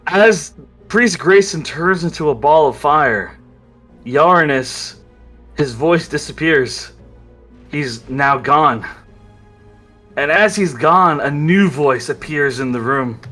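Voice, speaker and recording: A man narrating a tabletop role-playing game as game master, measured and slow. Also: a little high, bright, forceful tone, faint music behind.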